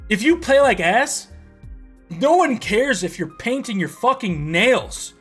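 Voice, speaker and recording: Male fan vlogger, high voice, swearing through a heated game rant, light music bed. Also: sing-song, takes it slowly, a bit bright, slightly rough. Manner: profane, exasperated ranting. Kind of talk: sports reaction rant.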